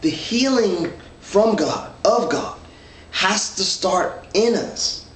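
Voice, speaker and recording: A man's voice: sits high, lively intonation, slow pace, a bit bright. A man leading a men's Bible study, reading scripture and explaining it in an earnest, thinking-aloud way with many restarts. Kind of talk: informal Bible teaching. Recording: echoey room, mic at a distance, faint ambience.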